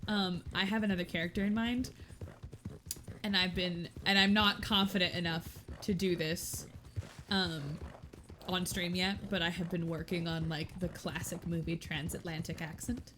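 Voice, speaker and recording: A woman's voice: fairly low pitch, level tone, moderate pace, a bit bright, slight background noise. Chatty, laughing woman streamer in her thirties. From Texas. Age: 30s. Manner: chatty and self-mocking, laughs often and swears casually. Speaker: streamer playing a roleplay game. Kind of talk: casual chat.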